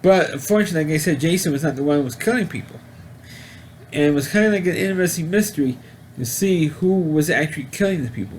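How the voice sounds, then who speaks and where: A man giving a casual spoken movie review, rambling and halting with frequent restarts. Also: a little high, a little hiss or hum. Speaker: film reviewer.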